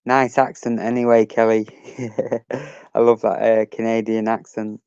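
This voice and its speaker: A man's voice: lowish voice, flat delivery, a little slow, a little mellow, clear, resonant tone, no room sound, lo-fi sound. A man hosting a casual live stream, chatting with viewers and greeting them by name.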